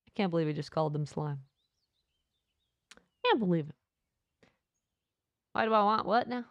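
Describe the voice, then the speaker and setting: A woman streaming a game, playful and reading the on-screen text aloud with running asides. Her pitch moves about a lot. The sound is close and dry. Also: big pitch swings, normal speed, pauses often, dry recording, muffled recording. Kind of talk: live game stream commentary.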